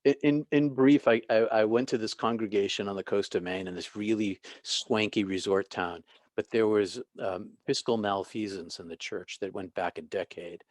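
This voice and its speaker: A middle-aged man with a lowish voice recounts his pastoral stories as a podcast guest. He stumbles and restarts often and at times drops almost to a whisper. The room is dry and close. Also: steady tone, no room sound. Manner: halting with many restarts, drops to a soft whisper when quoting. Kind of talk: storytelling interview.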